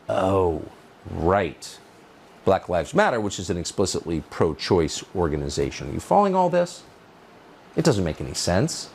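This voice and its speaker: A man's voice: low voice, big pitch swings, normal speed, gravelly, slight background noise. A male commentator delivering a scripted monologue in a sarcastic, mocking, emphatic manner. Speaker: political commentator.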